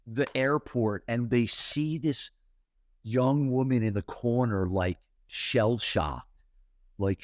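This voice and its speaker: A man's voice: medium pitch, dry recording, clean studio sound. A middle-aged man hosting a spiritual talk, telling a story in a loose, chatty way with lots of fillers. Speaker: host and spiritual teacher.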